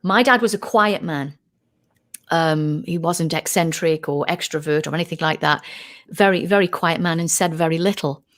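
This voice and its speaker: Animated woman telling a story. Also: sits low, normal speed. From United Kingdom. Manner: animated, acts out quoted voices. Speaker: guest, UFO researcher. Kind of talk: casual interview storytelling.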